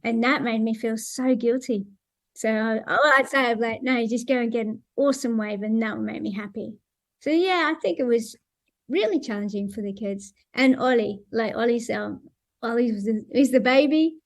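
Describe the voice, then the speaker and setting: Australian woman with a fairly high voice. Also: normal speed. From Sydney, Australia. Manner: candid, laughs while recounting. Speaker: guest, para-surfer. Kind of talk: casual interview conversation.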